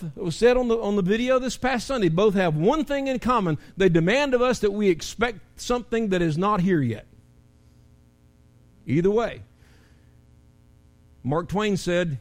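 A pastor preaching a sermon in a church, animated, with rising and falling emphasis. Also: male voice, high-pitched, moderate pace, long pauses.

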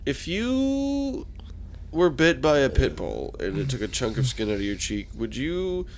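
A man co-hosting a comedy podcast, trading crude jokes deadpan and slipping into silly voices. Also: mid-range voice, moderate pace, slight background noise. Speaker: podcast co-host.

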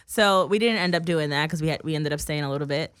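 Young woman ranting fast and swearing a lot, super dry close sound, mid voice. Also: low voice, a bit bright, no echo. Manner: profane, heated storytelling; fast-talking. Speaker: podcast co-host telling a story. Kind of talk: casual chat.

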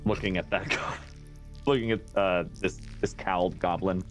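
Low-voiced man thinking aloud. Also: fairly even intonation, normal speed, soft background music. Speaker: player. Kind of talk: casual tabletop play.

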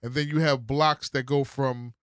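A man hosts a casual podcast chat, setting others straight in a matter-of-fact way. His voice is medium-pitched and a bit bright, with fairly even intonation at normal speed. The tone is clear and resonant, in clean studio sound with no room sound.

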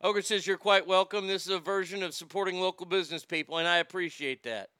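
A man hosting a casual morning live stream, reading out chat messages with loud, animated swearing. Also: sits high, fast talker, clean tone, dry recording, clean studio sound.

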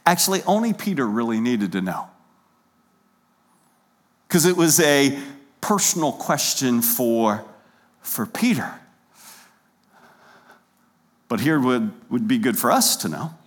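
A man's voice: medium pitch, sing-song, measured pace, pauses often. A pastor preaching a sermon in a church, talking conversationally and putting rhetorical questions to his congregation. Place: church sanctuary with pews.

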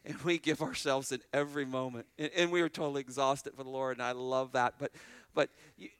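A man preaching a sermon as pastor, animated, repeating phrases and restarting lines as he drives each point home. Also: mid-range voice, a little fast, few pauses, smooth.

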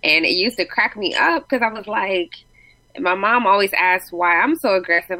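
A woman's voice: medium pitch, normal speed, dry recording, poor audio. A woman in casual chat, telling funny family stories and acting out quotes with lots of laughter. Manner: animated storyteller, acts out quotes, laughs often.

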